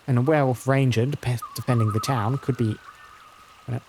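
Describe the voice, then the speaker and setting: A man's voice: medium pitch, fairly even intonation, normal speed, a crowd in the background. Musing man streaming a game. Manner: musing, analytical. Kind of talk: let's play commentary.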